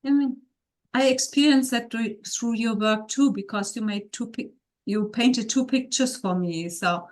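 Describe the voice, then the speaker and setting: Woman cohost, bit higher voice, thoughtful and appreciative in chat. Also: measured pace, a little mellow. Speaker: co-host. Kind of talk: conversational interview.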